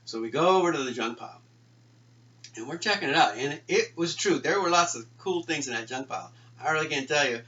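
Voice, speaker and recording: A middle-aged man spins a personal tale in a bright, forceful voice. His talk is loose and chatty, full of fillers, and he acts out each character's lines. The sound is dull and comes from a mic set some way off. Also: fairly high pitch, lively intonation, brisk, far from the mic. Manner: conversational, lots of fillers, acts out the dialogue. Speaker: storyteller. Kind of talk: live personal storytelling.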